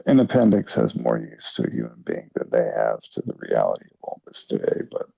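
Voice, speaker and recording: A very tired man with a heavily gravelly, creaky voice rambles through casual livestream chat, cursing and tossing off jokes. The sound is muffled and dry, with no room echo. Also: rumbling low, wildly swooping pitch, fairly quick, warm tone. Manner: rambling, profane, jokey asides. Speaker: guest.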